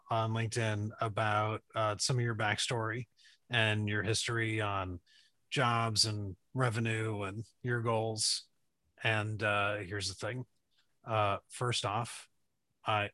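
Man, lowish pitch, crisp bright tone, sincere halting tribute. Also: no room sound. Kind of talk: heartfelt birthday message.

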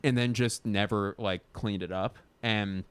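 A man's voice: on the low side, fairly even intonation, measured pace, fairly bright tone, clean tone, no room sound. A young man co-hosting a casual podcast chat, telling a long, rambling story and laughing through his own words. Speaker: podcast co-host.

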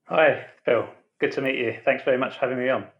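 A man's voice: medium pitch, steady tone, quick pace, highs cut off. Forty-something male guest, friendly, stumbles and repeats words, mid-range voice. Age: 40s. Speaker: guest, business founder. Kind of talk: casual interview.

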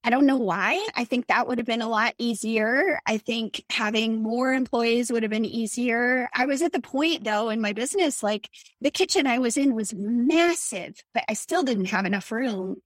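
A woman's voice: fairly high pitch, moderate pace, hardly any pauses, no room sound. A woman being interviewed on a podcast, talking frankly and wearily, acting out the people in her story. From Colorado. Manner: frank, tired, tells story with quoted dialogue. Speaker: podcast guest, former bakery owner. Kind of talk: candid conversational interview.

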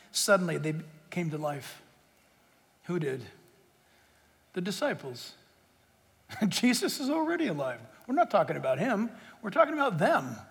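A middle-aged male pastor preaching a sermon, emphatic and full of rhetorical questions, swinging between loud declarations and hushed asides. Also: sits high, gravelly. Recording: long reverb of a big hall.

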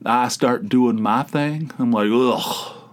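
A man's voice: mid-range voice, lively intonation, moderate pace. A man hosting a solo comedic podcast, telling rambling anecdotes in an incredulous way. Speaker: podcast host.

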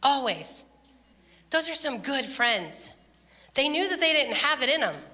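A woman preaching a sermon, telling a story with lively, laughing quotes. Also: high-pitched, unhurried, in a large hall. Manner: animated storytelling, laughing, voice jumps up when quoting. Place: church.

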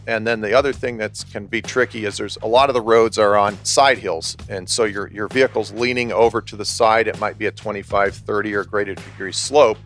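A man being interviewed, telling a story in a relaxed way with many restarts and chuckles. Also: on the low side. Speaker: author and historian interviewed.

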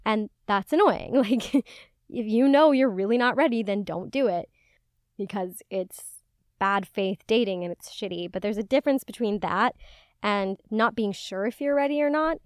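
Woman, 20s, podcast host, casual upbeat chat, smooth, dry booth sound. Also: medium pitch, moderate pace, dry recording. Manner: chatty, upbeat, lots of "like".

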